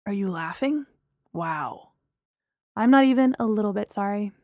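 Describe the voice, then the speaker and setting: A woman voicing a young man who jokes wryly and apologizes in a low-key way, in an audio drama reading. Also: animated, moderate pace, warm tone, no room sound, studio quality, close to an everyday voice. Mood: sheepish. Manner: sheepish, wry, low-key.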